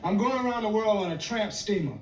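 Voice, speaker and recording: An actor playing an earnest young grown son in a 1970s sitcom, insisting slowly on his plans. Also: high voice, lively intonation. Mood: insistent. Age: young adult. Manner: slow, insistent, repeats himself. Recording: echoey sitcom stage with faint audience.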